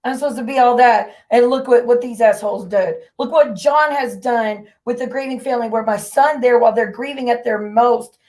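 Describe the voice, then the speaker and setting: A woman's voice: fairly high pitch, fairly quick, few pauses, darkish tone. Angry, swearing woman ranting on stream. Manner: heated, profane, confrontational. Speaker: livestream host. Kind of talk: angry livestream rant.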